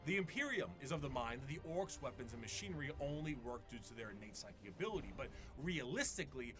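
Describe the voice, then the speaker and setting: A man's voice: mid-range voice, sing-song, quick pace. Man narrating a scripted explainer over music. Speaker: video essay narrator.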